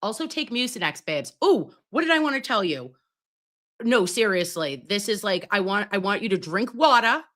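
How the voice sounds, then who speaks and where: Middle-aged woman on a live stream, chatty, calls everyone babes, clears her throat a lot. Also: mid-range voice, very animated, normal speed, a bit bright. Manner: chatty, calls viewers babes, reads comments aloud. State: recovering from pneumonia, throat clearing. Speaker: live stream host, nurse. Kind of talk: casual live stream chat.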